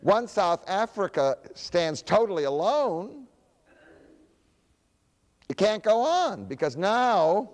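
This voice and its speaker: A man's voice: fairly high pitch, in a large hall. A man giving a public lecture, who poses rhetorical questions and answers them himself.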